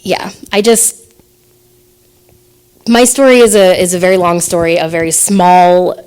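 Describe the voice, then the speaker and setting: A woman's voice: on the low side, fairly even intonation, a little slow, darkish tone, clean tone. A woman in her thirties giving a personal testimony to her congregation, hesitant and full of fillers, emotional and laughing nervously between phrases. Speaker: assisting minister giving a message.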